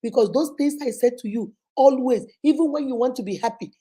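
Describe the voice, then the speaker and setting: Emphatic Nigerian woman hosting a motivational advice talk, mellow tone. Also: sits high, a little fast, husky. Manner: emphatic and repetitive, preacher-like. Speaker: relationship advice host.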